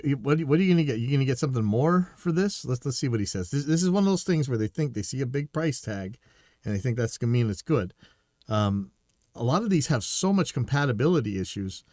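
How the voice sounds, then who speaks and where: A man talks through a live stream in a loose, opinionated way, stumbling over restarts as he goes. His voice sits at an everyday middle pitch. The sound is dry and close, with no room around it. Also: very animated, moderate pace, pauses often, darkish tone, no echo. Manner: rambling, opinionated, restarts often. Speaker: podcast host reacting to a video. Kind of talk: casual live-stream commentary.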